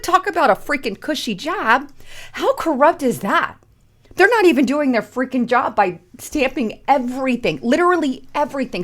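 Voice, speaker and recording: A middle-aged woman hosting casual political commentary, emphatic, repeating words and rising sharply to stress points. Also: a little high.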